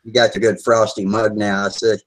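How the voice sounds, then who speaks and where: A man hosting a live video hangout from home, talking in a relaxed, rambling way with plenty of filler words over a video call. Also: lowish voice, a little fast, a little hiss or hum, rough recording. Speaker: host of a model airplane video hangout. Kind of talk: casual live chat.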